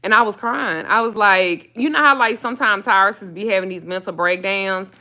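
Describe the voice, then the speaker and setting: A woman's voice: normal speed, pushed and bright. A middle-aged woman hosting her channel, telling a personal story in a blunt, profane, casual way. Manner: profane and blunt, jumps up high when acting out her own panic.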